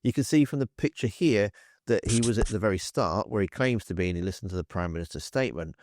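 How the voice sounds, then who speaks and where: A man's voice: fairly low pitch, lively intonation, quick pace, a little mellow. A man hosting a political commentary channel, telling the story in a wry, sarcastic way.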